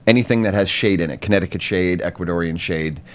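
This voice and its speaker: A man's voice: low voice, fast. A man in a casual chat, explaining things at length in a knowing way.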